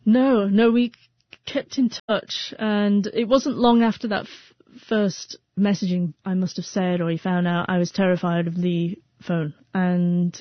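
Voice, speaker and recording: A woman's voice: fairly low pitch, fairly even intonation, a little slow, no echo. Woman, 30s, interview guest with a stutter and frequent restarts; dry, slightly muffled recording. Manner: stutters, with repeated sounds and restarts. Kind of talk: personal storytelling interview.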